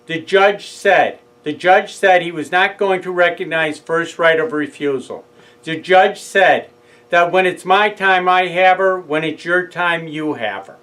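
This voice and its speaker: A man's voice: high-pitched, a little slow, a bit bright, rough recording. A man telling his own story in a casual monologue, rambling with asides and self-corrections. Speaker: father speaking out about his own court case.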